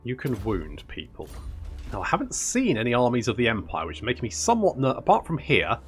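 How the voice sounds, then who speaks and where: Excitable, foul-mouthed man narrating gameplay. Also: mid-range voice, a little fast, soft background music. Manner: excitable, swears freely, exasperated outbursts. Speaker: gaming channel host. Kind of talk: strategy game let's play commentary.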